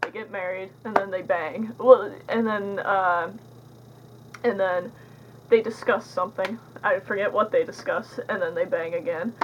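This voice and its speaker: A woman's voice: medium pitch, fairly even intonation, a little slow, dull audio, noisy background. A young woman casually reviewing a movie, rambling and sarcastic, with lots of filler words.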